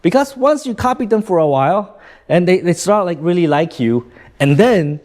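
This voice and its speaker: Brief: male sales coach, slightly higher voice, casual lecture to camera, peppers every point with "right?". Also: expressive, moderate pace, a little mellow. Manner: keeps checking in with "right?", demonstrates with gestures; plain-spoken, swears casually.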